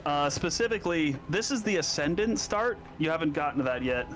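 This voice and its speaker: Higher-voiced man coaching a game. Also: lively intonation, brisk, fairly bright tone, soft background music. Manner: patient, stumbles over names. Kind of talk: casual explaining on a stream.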